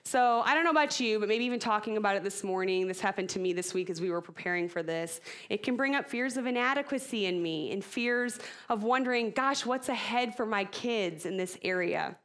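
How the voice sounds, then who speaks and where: A middle-aged woman giving an expressive, casual talk to church parents, chatty and laughing at herself. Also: mid-range voice, brisk, hardly any pauses.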